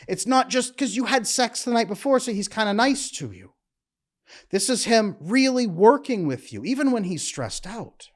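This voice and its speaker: A man giving a motivational talk as a relationship coach, speaking in calm, measured, emphatic short phrases. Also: high-pitched.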